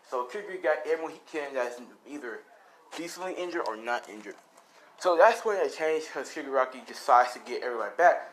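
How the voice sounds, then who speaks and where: A man's voice: a little high, expressive, fast, a little hiss or hum. A young man casually improvising a fan story, rambling with lots of fillers. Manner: rambling, full of "you know" fillers.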